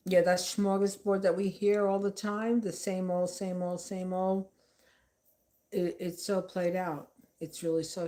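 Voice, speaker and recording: A woman's voice: low-pitched, dark tone. A middle-aged woman vlogger talking in a rambling, sarcastic way, full of fillers and asides. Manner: sarcastic, meandering, many fillers. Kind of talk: casual rambling commentary.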